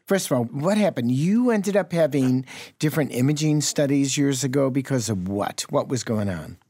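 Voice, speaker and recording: A man's voice: mid-range voice, expressive, moderate pace, dark tone, dry recording. A man, a family doctor co-hosting a radio health show, talking in a chatty, joking, reassuring way. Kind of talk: casual radio health talk. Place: radio studio. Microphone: studio mic.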